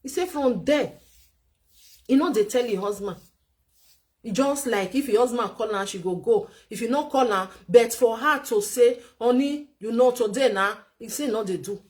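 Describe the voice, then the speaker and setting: A woman's voice: fairly high pitch, normal speed. A woman with a Nigerian Pidgin accent giving relationship advice in chatty, lecturing commentary, repeating points for emphasis. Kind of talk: casual commentary.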